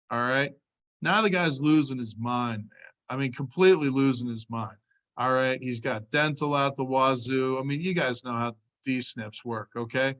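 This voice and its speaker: A man's voice: mid-range voice, a bit bright. A man training insurance agents, telling a client story in a casual way and often checking in with "all right.".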